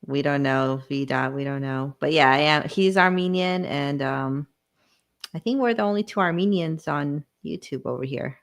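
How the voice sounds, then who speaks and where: A woman in casual stream chat, quick to react and often laughing. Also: sits low.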